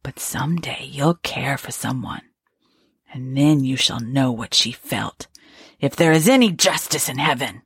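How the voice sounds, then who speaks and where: Bitter grieving old servant woman, low and husky, slow and scolding read by a woman narrator. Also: expressive, dry recording, studio quality, full character voice. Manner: harsh, scolding, rural ungrammatical speech. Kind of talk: audiobook reading.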